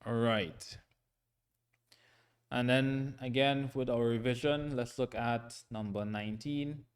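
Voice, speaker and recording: A man teaching a recorded Quran reading lesson, patient and checking in often, sounding out syllables slowly and repeating them. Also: medium pitch, fairly even intonation, clear, resonant tone. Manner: slow, patient, frequent "right?" check-ins.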